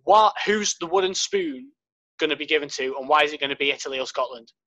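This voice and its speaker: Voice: medium pitch, sing-song, fast, gravelly, heavy background noise. A co-host of a rugby podcast, teasing and quizzing the others. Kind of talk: casual rugby chat.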